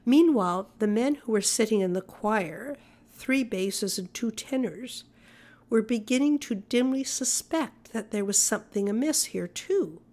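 A woman reading an old-fashioned story aloud in a measured, even storytelling manner. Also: a little high. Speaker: audiobook narrator. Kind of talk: scripted narration.

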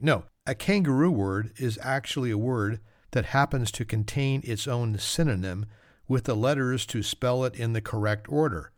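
A man's voice: mid-range voice, measured pace, no echo, studio quality. A man hosting a solo trivia podcast, reading facts with joking, self-mocking asides. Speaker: podcast host.

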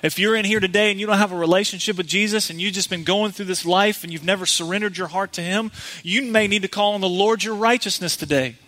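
A man's voice: sits high, sharp tone. A man preaching a sermon in a church, speaking earnestly and directly to the congregation. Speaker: pastor.

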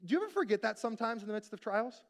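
Casting note: man with a high voice, pastor preaching a sermon, chatty, asks the room questions. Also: very animated, very fast. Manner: conversational preaching, rhetorical questions, acted-out quotes.

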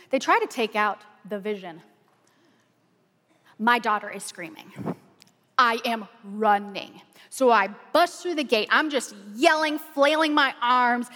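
A middle-aged woman pastor tells a story from the pulpit, animated and full of "y'all." Her voice sits a bit high, and it rings with a long reverb from a large hall. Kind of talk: storytelling sermon.

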